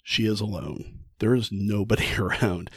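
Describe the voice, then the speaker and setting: A man hosting a podcast, casually retelling a story with enthusiasm and frequent halting restarts. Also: fairly low pitch, fairly even intonation, slightly rough, dry recording, clean studio sound. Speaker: podcast host.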